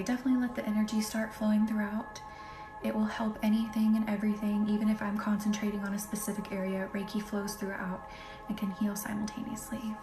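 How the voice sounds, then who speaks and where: A woman hosting a live healing stream, speaking softly and often half-whispering as she greets viewers by name and guides them to relax. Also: medium pitch. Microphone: phone or webcam for live stream. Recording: roomy room with faint music.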